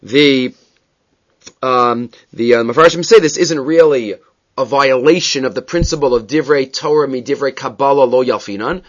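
A man's voice: mid-range voice, normal speed. Man teaching a Talmud class, lo-fi. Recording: dull lo-fi recording.

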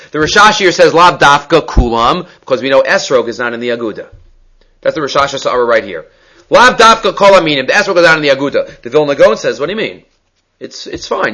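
A man teaching a Talmud class, explaining briskly and repeating key phrases as he goes. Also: on the high side, a bit bright.

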